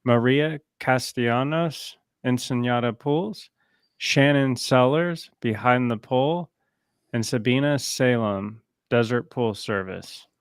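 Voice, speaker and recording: Guy reading nominees real slow and smooth, dry mic. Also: medium pitch, no room sound.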